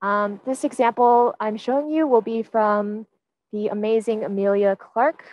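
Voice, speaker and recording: A young woman teaching fellow presenting to a class in a friendly, chatty way, with many pauses and small laughs. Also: fairly high pitch, fairly even intonation, darkish tone, muffled recording. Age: young adult.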